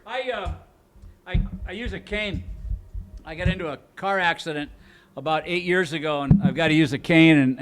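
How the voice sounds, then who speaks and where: A man's voice: on the high side, slight background noise. A man doing a stand-up comedy set on a club stage, rambling and self-deprecating, with frequent restarts.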